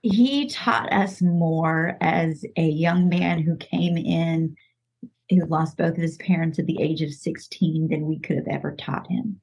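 Middle-aged woman, podcast guest, husky, unhurried, heartfelt and halting, lots of restarts. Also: sits low, fairly even intonation, darkish tone, dull audio. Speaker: coach's wife and podcast guest. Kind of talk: emotional personal storytelling.

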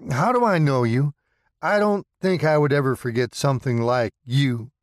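A man's voice: medium pitch, moderate pace, no echo, clean studio sound, pitched above the performer's own voice, natural voice. A man doing a shaky, frightened young woman. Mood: anxious. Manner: anxious, shaky. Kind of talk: dramatic storytelling narration.

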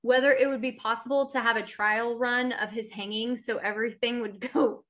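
Laughy woman telling a true crime story to her cohost, kinda high voice, loose and casual. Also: fairly even intonation, normal speed, fairly bright tone, dull audio. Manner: giggly, chatty, trailing off. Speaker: podcast co-host.

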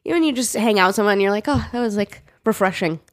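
A woman co-hosting a podcast, telling stories in casual chat and acting out the quotes in a higher voice. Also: fast talker, no room sound, studio quality. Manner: animated storytelling, acts out quotes in a high voice. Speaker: podcast co-host.

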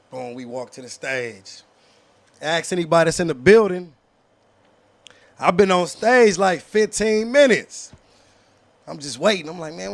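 A battle rapper appearing as a guest tells an animated, profane story in casual, slangy street talk, his voice a little high. He keeps asking "you know what I'm saying."

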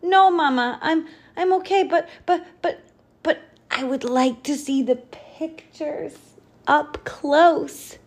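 Woman doing Little Bat, squeaky bat child. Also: slow. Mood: frightened. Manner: squeaky, stammering and pleading. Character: small eager young male bat, excitable child.

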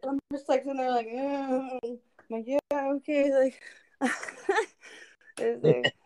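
A woman with a fairly high voice, chatting loosely and leaning on fillers. She talks with a relaxed, easy flow. The recording is dry and close. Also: no echo. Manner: chatty, many fillers, quick laughs. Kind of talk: casual chat.

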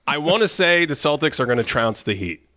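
A man's voice: fairly high pitch, very animated, moderate pace, sharp tone, dry recording. A man hosting a casual basketball podcast, who reads out stats and laughs between his points. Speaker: podcast host.

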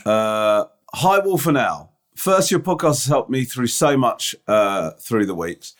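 A man co-hosting a podcast in casual chat, who reads listener emails aloud and tells self-mocking stories with halting restarts. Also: mid-range voice, animated. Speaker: podcast co-host.

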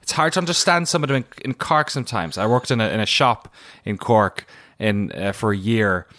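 A man's voice: on the low side, a little fast, a bit bright, no room sound, clean studio sound. An Irish man co-hosting a podcast in casual, rambling chat with many fillers and self-deprecating asides. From Ireland. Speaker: podcast co-host.

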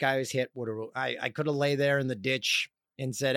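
A man's voice: medium pitch, fairly even intonation, a little fast, hardly any pauses, fairly bright tone, no room sound, clean studio sound. A man in his forties hosting a podcast, talking in a rambling, candid casual monologue. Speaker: podcast host.

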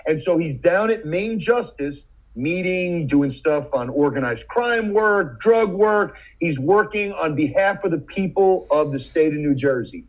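A middle-aged man from the United States holds the floor as a podcast guest. He tells a vivid story in a slightly higher voice and acts out the lines of the people in it. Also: lively intonation, a little slow, hardly any pauses, poor audio. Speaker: podcast guest, former FBI agent. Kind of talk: storytelling in conversation.

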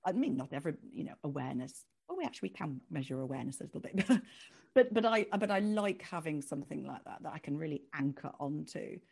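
A woman's voice: sits low, quick pace, gravelly, breathy edge. A woman, talking animatedly as an author guest in an interview. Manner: animated, expressive, laughs easily. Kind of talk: conversational interview.

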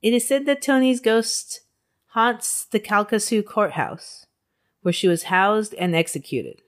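A woman's voice: mid-range voice, expressive, unhurried. A woman co-hosting a podcast, telling a true-crime story in a casual way, with swearing and laughter. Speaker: podcast co-host.

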